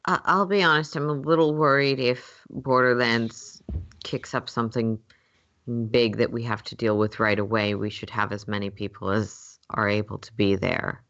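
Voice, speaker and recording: A woman's voice: rumbling low, fairly even intonation, moderate pace, fairly bright tone, muffled recording. A woman player in a tabletop game, talking in character in a level-headed, practical way. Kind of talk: in-character role-play chat.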